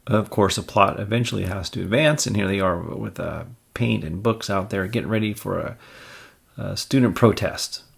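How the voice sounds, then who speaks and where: A man's voice: lowish voice, moderate pace, gravelly, breathy edge. A man casually reviewing and reading a comic book aloud, chatty and amused, with jokey asides.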